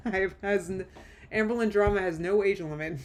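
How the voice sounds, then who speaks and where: A woman's voice: mid-range voice, normal speed. A woman streamer talks through drama on a live reaction stream, her voice in an ordinary middle register. She reads messages aloud, laughs often and throws in mocking asides.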